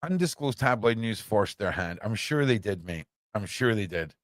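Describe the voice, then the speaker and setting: Animated British man, rambling commentary. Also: lowish voice, moderate pace, no echo. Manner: animated and rambling, full of rhetorical questions. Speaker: podcast host. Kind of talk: casual news commentary. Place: small room under the stairs at home.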